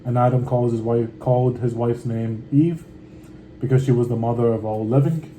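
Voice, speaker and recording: A man reading scripture aloud slowly and deliberately, breaking off now and then for slangy, offhand comments. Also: medium pitch, steady tone, mellow, a little hiss or hum, rough recording. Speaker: scripture reader.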